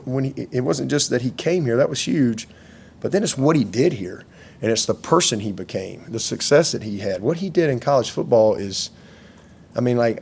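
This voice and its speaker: A man's voice: medium pitch, gravelly, a little mellow, a little hiss or hum. A man, a head football coach, answering questions at a press conference in a rambling, heartfelt way, often repeating words and restarting.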